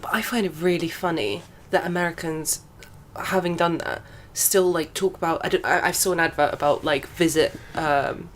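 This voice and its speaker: A woman's voice: on the low side, steady tone, moderate pace, a little hiss or hum. Curious British woman in casual chat. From Britain. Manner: curious, asks questions.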